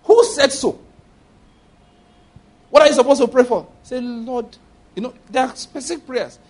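Husky-voiced man preaching. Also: extremely high pitch, normal speed, pauses often. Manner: animated preaching with rhetorical questions and acted prayers. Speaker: pastor. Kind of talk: sermon.

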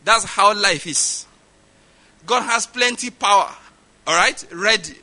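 A middle-aged Nigerian-accented man preaching with a raised, ringing voice. His tone is sharp and bright, and he drives his points home by repeating them. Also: high-pitched, takes it slowly. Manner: emphatic, repeats points for stress. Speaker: pastor. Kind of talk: sermon.

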